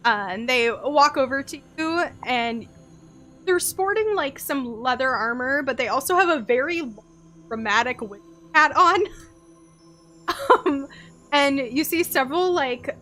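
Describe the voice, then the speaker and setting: A woman's voice: high voice, lively intonation, a little slow, sharp tone, soft background music. A woman narrating as game master of a tabletop game, rambling with many fillers. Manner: rambling, full of likes and ums.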